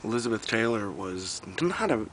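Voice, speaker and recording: Brief: young man, lowish voice, ranting and cursing through a casual vlog story. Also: big pitch swings, moderate pace, a bit bright, a little hiss or hum, poor audio. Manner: profane, exasperated storytelling.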